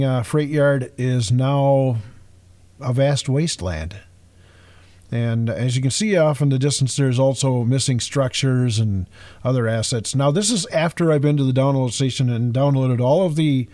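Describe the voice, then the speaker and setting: A man's voice: medium pitch, dark tone, no echo. A man casually narrating a walkthrough of a game, rambling with many uhs and chuckling at himself. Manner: rambling, self-deprecating, frequent uhs and chuckles. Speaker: video game streamer. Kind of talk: casual gameplay walkthrough commentary.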